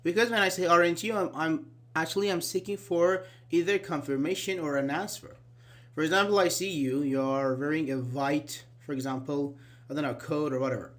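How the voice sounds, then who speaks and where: A man's voice: fairly high pitch, fairly even intonation. Man teaching a live grammar class. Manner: explains slowly, asks students questions, repeats key words; fillers like "actually" and "uh-huh". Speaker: English teacher.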